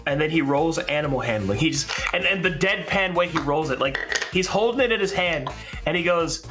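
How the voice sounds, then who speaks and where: A man's voice: fairly high pitch, brisk, over music. A man running tabletop games, casually telling a story with frequent laughter. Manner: animated, laughs often through the story. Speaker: game master.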